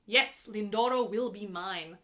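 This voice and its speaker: A woman's voice: medium pitch, a little slow. A young woman opera singer talking casually from her apartment, explaining an aria between sung examples in a chatty, patient way with easy laughs.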